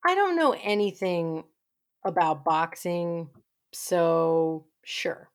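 A woman's voice: fairly low pitch, very animated, slow. A woman co-hosting a podcast, chatting casually about a TV episode and laughing often as she talks. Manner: giggly, laughs often while talking. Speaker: podcast co-host. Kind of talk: casual chat recapping a TV show.

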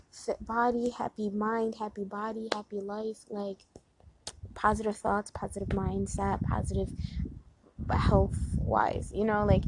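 A woman's voice: mid-range voice, mellow, a little hiss or hum, low-quality recording. A young woman in a casual, encouraging tone, leading spoken affirmations and repeating each one for listeners, with many fillers like "like" and "you know". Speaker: host.

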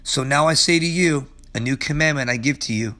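A man in his forties, a pastor preaching and praying in earnest, emphatic bursts that drop to soft prayer. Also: mid-range voice, fairly quick. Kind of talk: sermon and closing prayer. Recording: loud guitar music behind.

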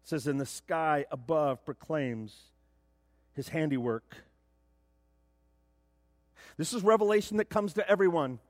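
A middle-aged man preaching a sermon as pastor, emphatic, often repeating words as he builds to loud points. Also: fairly high pitch, measured pace, pauses often, no echo. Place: church sanctuary.

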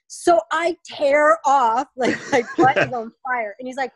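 Her fairly high voice keeps a normal speed with few pauses as she chats about obstacle racing on a casual podcast interview. The woman, in her thirties, brings her stories to life by acting out people's words in lively voices. The recording is dry, and the audio quality is poor.

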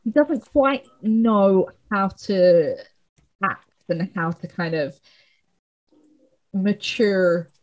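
A woman's voice: medium pitch, extremely slow, pauses often, darkish tone, muffled recording. A young woman in a casual film chat, talking freely with many fillers and the odd swear word. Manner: chatty, frequent fillers and swearing.

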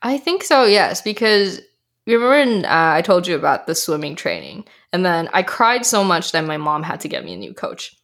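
A young adult woman, a health coach, chatting in an interview and acting out quotes from her past. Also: brisk. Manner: animated storyteller, acts out quotes in a higher voice. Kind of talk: casual interview chat.

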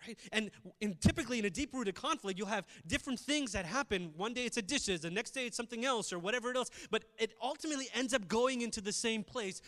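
A male pastor giving a conversational sermon, shifting between loud emphasis and quiet reflective asides. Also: high voice, lively intonation, fast talker, few pauses, big-room sound.

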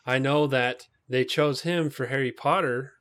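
A man's voice: medium pitch, fairly even intonation, measured pace, a bit bright. Chatty man hosting a movie podcast. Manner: chatty, lots of fillers and tangents. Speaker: podcast host. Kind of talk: casual movie chat.

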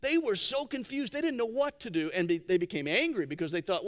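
Animated, lively-voiced male preacher. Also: high voice, brisk, few pauses. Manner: animated storytelling with acted-out quotes; conversational, gently humorous. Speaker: pastor. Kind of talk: sermon.

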